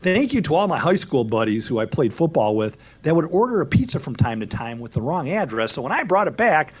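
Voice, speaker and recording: A middle-aged man hosting a law talk show, chatting casually in a rambling, jokey way full of shout-outs. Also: on the high side, very animated, a little fast, breathy edge. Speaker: lawyer and show host. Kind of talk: casual chat.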